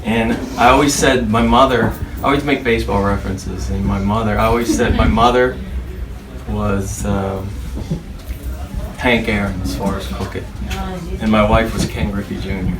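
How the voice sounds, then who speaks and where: A man's voice: on the low side, normal speed. A middle-aged man giving a casual wedding speech as the father, telling stories with baseball references. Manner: storytelling with baseball references, animated impressions. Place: wedding reception room. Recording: roomy distant mic, noisy reception hall.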